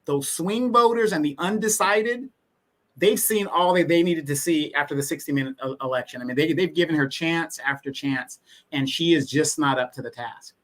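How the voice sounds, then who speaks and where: A man's voice: on the high side, moderate pace, a bit bright. A man as guest co-host in a casual political chat, speaking in an emphatic, opinionated way.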